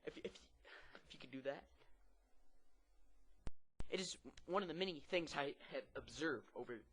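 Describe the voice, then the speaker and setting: Excitable, rambling stand-up man. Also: a little high, a little slow, slight background noise. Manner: rambling and excitable, with filler-heavy restarts. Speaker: stand-up comedian. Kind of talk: stand-up routine.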